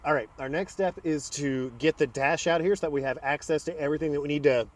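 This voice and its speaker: A man's voice: a little high, fairly even intonation, fast talker. A man hosting a home garage channel, talking through a truck repair in a casual, chatty way and drifting into side stories. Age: adult. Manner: chatty storyteller, drifts into tangents. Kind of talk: casual how-to narration.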